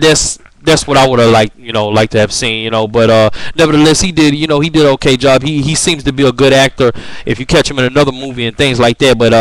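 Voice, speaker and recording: A man's voice: fairly high pitch, dry recording, low-quality recording. A young man vlogging his opinions in a loose, rambling rant full of fillers and swearing. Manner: rambling, profane, heavy on fillers like "you know, man".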